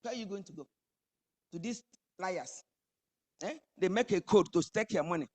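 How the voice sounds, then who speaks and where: A woman preaching a sermon, building emphatically to loud high climaxes. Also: expressive, normal speed.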